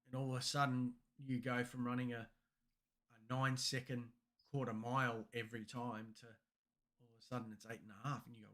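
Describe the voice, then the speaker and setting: A man's voice: medium pitch, a little fast. Rambling man chatting tech. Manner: rambling, animated storytelling with acted-out quotes. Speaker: podcast co-host. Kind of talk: casual tech chat.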